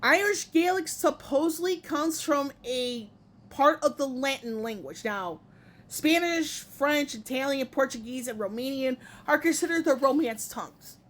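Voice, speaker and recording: A woman's voice: high-pitched, lively intonation, unhurried. A woman hosting a casual gaming opinion vlog, talking in a rambling way and often stopping to correct herself. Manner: rambling, self-correcting, many fillers. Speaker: gaming video host.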